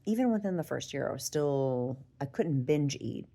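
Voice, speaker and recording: A woman's voice: deep voice, lively intonation, normal speed, warm tone. A middle-aged woman vlogger talking casually and candidly to her viewers, chatty and emotional. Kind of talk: casual talk to camera.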